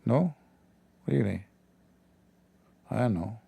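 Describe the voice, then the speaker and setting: Male livestream host, gravelly and dark, sarcastic and mocking, non-native English delivery. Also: medium pitch, expressive, slow. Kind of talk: livestreamed commentary.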